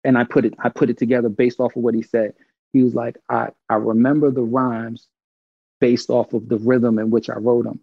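A man telling animated, profane stories in casual chat and acting out what others said. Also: mid-range voice, brisk, vocal fry, husky, no echo. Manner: animated, profane, acts out quotes. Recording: slightly dull dry recording.

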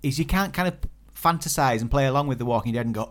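Podcast guy rambling and joking around, lots of ums and likes, middle pitch. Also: expressive, fast talker, hardly any pauses, a bit bright. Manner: joking, rambling with many fillers. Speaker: podcast co-host. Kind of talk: casual chat.

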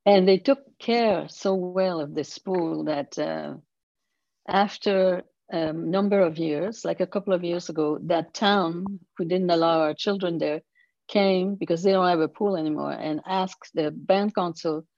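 A woman in her eighties, an interview guest telling stories slowly and thoughtfully, laughing softly now and then. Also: on the low side, creaky, no echo, lo-fi sound. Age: 80s. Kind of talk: storytelling in conversation.

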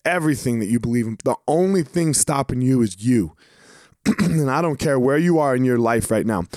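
A man's voice: mid-range voice, lively intonation, moderate pace, a little mellow, no echo, studio quality. A man, a former professional fighter, talking casually and motivationally, with blunt swearing and repeated words for emphasis.

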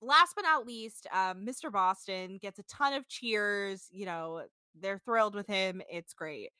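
A woman's voice: medium pitch, unhurried, pushed and bright, smooth, no room sound, studio quality. A woman co-hosting a casual podcast, animatedly recapping a reality show, laughing and swearing as she tells it. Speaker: podcast co-host. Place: apartment home.

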